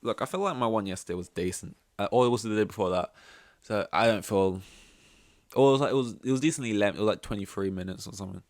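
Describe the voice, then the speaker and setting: Male solo podcast host, lowish voice, rambling and joking, dead-dry recording. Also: fast, no echo. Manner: rambling, self-interrupting, joking asides. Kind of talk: casual solo podcast chat.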